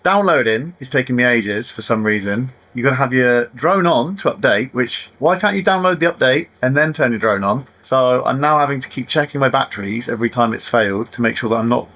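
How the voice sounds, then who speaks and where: A man's voice: medium pitch, expressive, fairly quick, hardly any pauses, bright, forceful tone. A man chatting casually as he works on a drone at his workbench, frustrated and self-mocking about his setbacks. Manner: chatty and exasperated, sighing and laughing at setbacks. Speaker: FPV drone hobbyist vlogger. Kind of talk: casual running commentary while tinkering.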